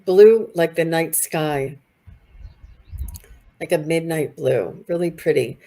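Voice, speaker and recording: Low-voiced woman giving a psychic reading. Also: takes it slowly, warm tone. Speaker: psychic reader. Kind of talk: live spiritual reading.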